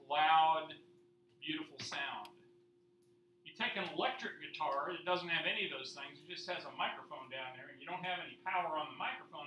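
A man's voice: fairly high pitch, sharp tone. A male instructor giving a casual classroom lecture, joking and quizzing his students as he goes. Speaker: college instructor. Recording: echoey classroom from far off, faint hum.

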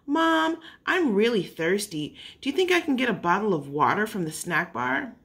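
A woman voicing an excitable, stubborn eight-year-old girl who pleads in a high, whiny voice. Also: normal speed. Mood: sweet.

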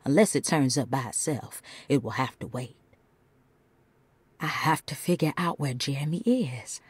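Frightened diary writer, whispered role-play. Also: female voice, rumbling low, moderate pace, no echo, full character voice. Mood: anxious. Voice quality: breathy whisper.

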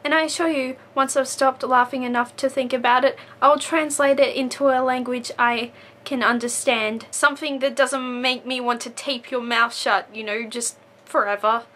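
A woman's voice: high voice, fairly even intonation, moderate pace, a bit bright. A woman vlogger talking to camera in a casual comedic monologue, wry and playfully sarcastic.

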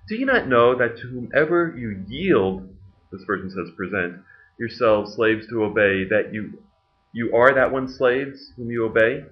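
A man's voice: mid-range voice, muffled recording. A man preaching a sermon as pastor in a conversational way, mixing jokes and laughs into his teaching.

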